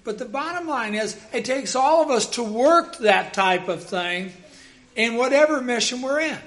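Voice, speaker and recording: A man preaching a sermon as pastor, telling personal stories in a lively way and bursting into loud acted quotes. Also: extremely high pitch, moderate pace.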